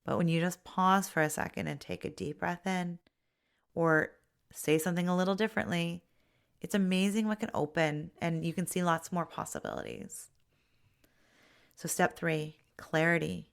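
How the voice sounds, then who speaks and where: A woman coaching listeners through self-help steps, speaking gently and straight to them, sometimes acting out their self-talk. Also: fairly low pitch, steady tone, moderate pace, creaky. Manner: acts out inner voices and self-talk in quotes. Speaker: life coach.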